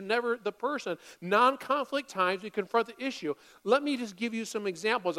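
High-voiced woman preaching a lively sermon. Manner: animated, acts out quoted voices, swings from quiet to loud. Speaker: pastor. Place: church hall with congregation.

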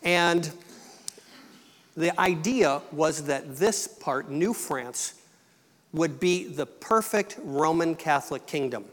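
A middle-aged man gives a missionary talk at a church, in an easy, storytelling voice with bits of humor. His voice sits a little high for a man. A long reverb hangs in the sanctuary around him. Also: takes it slowly. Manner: conversational, storytelling, light humor. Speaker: missionary speaker.

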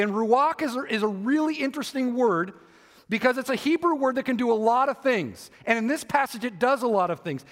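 High-voiced preacher man in a reverberant hall. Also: fairly bright tone. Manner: repeats and rephrases for emphasis, asks rhetorical questions. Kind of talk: sermon.

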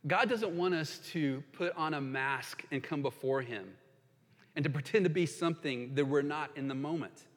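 A man's voice: on the high side, expressive, normal speed, big-room sound. A man preaching a sermon as a pastor, earnest and reading scripture aloud with emphasis.

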